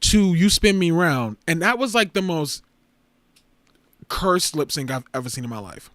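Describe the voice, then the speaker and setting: A man hosting a casual livestream chat, animated, jumping between loud excited outbursts and quieter asides. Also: fairly high pitch, moderate pace, dry recording, studio quality. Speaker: livestream host.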